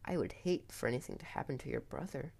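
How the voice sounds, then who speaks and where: Man voicing a sly teen bully, cold, hushed, half-whispered, creepy storybook menace. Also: medium pitch, normal speed, vocal fry, close to an everyday voice. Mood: taunting.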